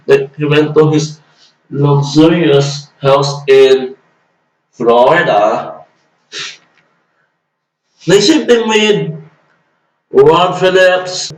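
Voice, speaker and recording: A man's voice: on the high side, extremely slow, long pauses, recorded from a distance, lo-fi sound. Exasperated man ranting, echoey room. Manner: exasperated, swearing, mocking. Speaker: vlogger. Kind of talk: ranting commentary. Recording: echoey room, away from mic.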